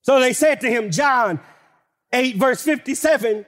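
A man preaching a sermon with emphatic delivery that builds to shouted declarations. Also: very high voice, unhurried. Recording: long hall reverb.

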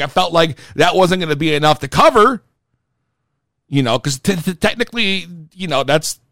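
A man's voice: high voice, fairly bright tone, no echo, clean studio sound. A young man casually telling a heated, profane story about a show that went wrong. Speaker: performing rapper telling a story.

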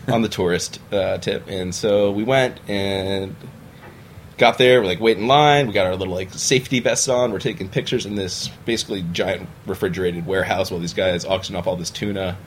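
A young adult man with a lowish voice, chatting on a podcast in a loose, animated way. He jumps into the voices of the people in his stories. A faint hiss of noise sits under the studio recording. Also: a little fast. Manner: animated storyteller, acts out quoted voices. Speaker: bar owner, podcast guest. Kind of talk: casual storytelling chat.

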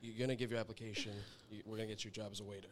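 A man's voice: lowish voice, flat delivery, rapid-fire, a crowd in the background. A young adult man, a chef guest, telling a rambling story in a casual interview, laughing often and swearing freely.

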